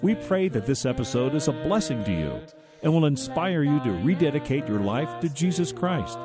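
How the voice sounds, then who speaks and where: A man reads a scripted program intro in a smooth, welcoming voice. His intonation moves up and down a lot as he reads, and music plays clearly underneath him. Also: a little high. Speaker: program announcer. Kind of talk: scripted announcement.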